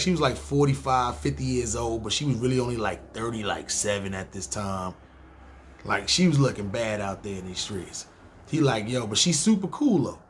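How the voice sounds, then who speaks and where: A man from Harlem, New York, tells his life story on a casual storytelling podcast, speaking in a mid-range voice over a little hiss or hum. He rambles, uses slang and profanity, and speaks straight to his listeners.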